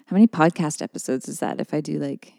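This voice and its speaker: A woman co-hosting a podcast in casual chat, upbeat and quick to laugh. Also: low voice, gravelly, mellow, dry recording, studio quality. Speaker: podcast co-host.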